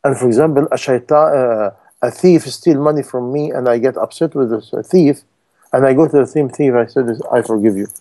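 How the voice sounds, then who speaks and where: A man's voice: medium pitch, normal speed, warm tone. A man preaching a sermon in non-native English, emphatic and full of rhetorical questions to his listeners.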